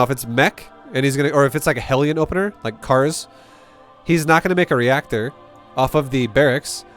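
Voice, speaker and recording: A man breaks down a game replay for his student in loose, spoken coaching. He is blunt and profane and drives each point home by saying it again. Soft music plays faintly behind him. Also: mid-range voice. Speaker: StarCraft coach. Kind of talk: casual coaching commentary over gameplay.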